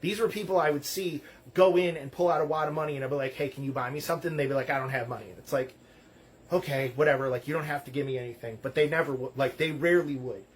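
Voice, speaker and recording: A man's voice: on the high side, steady tone, fast talker, slight background noise. A man speaking candidly and with emotion about a hard time in his life, in a loose conversational way with many fillers, close to tears. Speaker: storyteller. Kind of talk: personal story told to camera.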